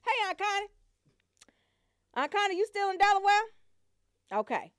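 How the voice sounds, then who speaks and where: A woman's voice: very high-pitched, normal speed, no echo. A woman telling a funny family story in a loose, casual way, laughing often and acting out her relatives. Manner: animated, laughs often, acts out family members. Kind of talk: comic storytelling.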